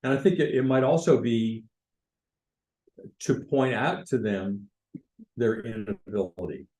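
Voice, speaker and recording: A man's voice: fairly low pitch, unhurried, darkish tone, rough recording. Man, Bible study teacher, conversational, fillers and restarts. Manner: informal, with fillers and restarts, asks the group questions.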